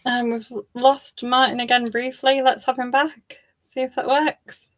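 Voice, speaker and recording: A woman hosts an author interview, putting her questions in a relaxed, friendly way. Her voice sits a little higher than average. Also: unhurried. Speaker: book club interviewer.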